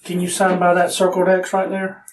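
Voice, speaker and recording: A man, a police detective, asking steady, procedural questions in an interview room. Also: high-pitched, normal speed. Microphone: room recording device. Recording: distant room recording with faint hiss.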